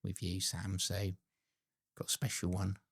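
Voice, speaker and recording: A man's voice: low-pitched, completely flat delivery, a little slow, vocal fry, a bit bright, slightly rough. A man hosting a podcast, chatting casually and teasing his guest. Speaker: podcast host. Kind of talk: casual chat.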